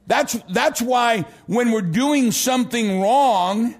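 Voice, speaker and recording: A middle-aged American man preaching a sermon as pastor, telling stories animatedly and rising into shouts for emphasis. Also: very high-pitched, takes it slowly. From United States.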